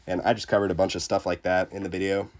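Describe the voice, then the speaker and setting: A man with a deep, low voice talks casually to his livestream viewers while fighting a cold. He sounds congested and under the weather. His speech rambles along in a relaxed way, full of fillers. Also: fast. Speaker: game streamer reading chat.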